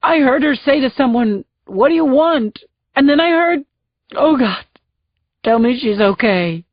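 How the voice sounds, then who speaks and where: A woman's voice: sits high, lively intonation, measured pace, no room sound, pitched above the performer's own voice. A woman voicing a grief-stricken burly man who is crying and pleading in a choked voice. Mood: desperate. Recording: dull, dry studio sound.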